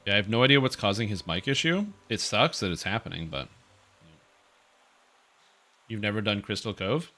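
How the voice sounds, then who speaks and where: A man's voice: fairly low pitch, animated, moderate pace, pauses often, pushed and bright. A man streaming a game and chatting casually with his viewers, rambling and chuckling now and then. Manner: rambling, chuckles often, talks to his cat. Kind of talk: casual live-stream chat.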